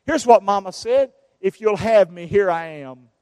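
A man's voice: high voice, lively intonation, normal speed, a little mellow, dry recording, studio quality. A man preaching a sermon as pastor, drawing the congregation into call-and-response. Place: church sanctuary.

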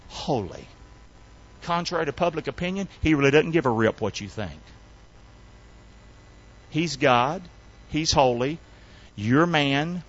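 A man preaching a sermon in a folksy, call-and-response style, swinging between loud emphatic shouts and low hushed tones. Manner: folksy, colloquial delivery. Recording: dull, dry, lo-fi recording.

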